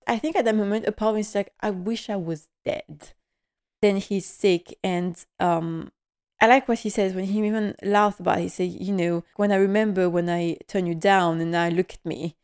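A woman hosting a podcast, giving a casual episode recap in a quick, emotional, heartfelt way. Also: mid-range voice, fairly even intonation, a little mellow, clean tone. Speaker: podcast host.

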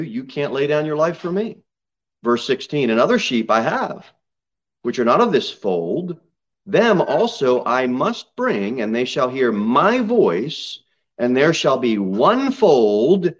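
A pastor preaches emphatically in a church sanctuary, his voice slightly muffled. Reading scripture aloud during the sermon, he rises to loud, high peaks, captured in a slightly dull church recording.

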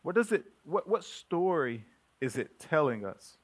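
A male pastor preaching a sermon in a relaxed, conversational way, calling the congregation family. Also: fairly high pitch, a little slow. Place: church sanctuary.

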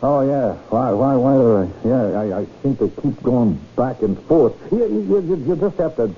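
An actor in a 1970s radio drama playing a former con man who swings between slow mystical pronouncements and brash hustler banter. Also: mid-range voice, animated, breathy edge. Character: former con man turned strange and grandiose. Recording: tinny old radio broadcast, faint hiss.

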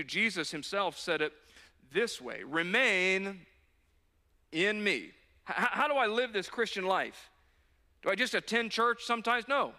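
A man's voice: high voice, lively intonation, unhurried, sharp tone. A man preaching a sermon as a pastor, earnest and urging, repeating phrases for emphasis. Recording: long hall reverb.

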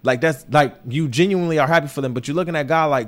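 A man's voice: a little high, fast talker. A young man hosting a podcast, speaking candidly and emotionally in a personal monologue, swearing often and circling back on his words. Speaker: podcast host. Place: New York.

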